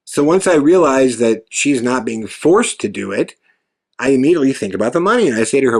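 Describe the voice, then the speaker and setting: A man hosting a podcast, telling a story in an animated, profane way and acting out quoted lines. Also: mid-range voice, fast talker. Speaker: podcast host. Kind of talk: storytelling monologue.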